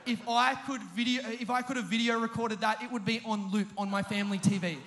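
A young preacher with a very high voice tells a story that makes fun of himself, laughing through his sentences. He is lively and quick to poke fun at his own mishaps. His voice carries a long reverb from the large hall where he preaches. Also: a little hiss or hum. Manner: animated, self-mocking, often laughing mid-sentence. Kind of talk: humorous storytelling sermon.

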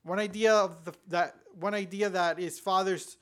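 A male pastor delivers his sermon for a church podcast. His voice sits a little high for a man. He tells a story in a conversational way, often restarting his sentences. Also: steady tone, normal speed, fairly bright tone. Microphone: podcast recording.

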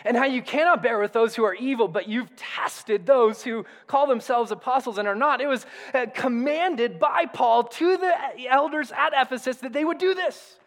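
A man preaching a sermon as pastor, animated and conversational, with emphatic repetition, in a church sanctuary. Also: very high voice, moderate pace, hardly any pauses, in a large hall.

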